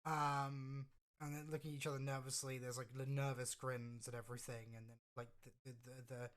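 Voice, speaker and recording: A woman's voice: a bass voice, flat delivery, fairly quick. A woman game master narrating a tabletop game, rambling and hesitant with many fillers and restarts.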